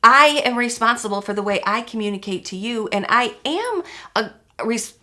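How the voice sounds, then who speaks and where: Middle-aged woman, co-host, bright tense tone, reflective and chatty. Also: a little high, lively intonation, moderate pace. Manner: reflective, uses fillers like "you know". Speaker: podcast co-host. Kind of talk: casual chat.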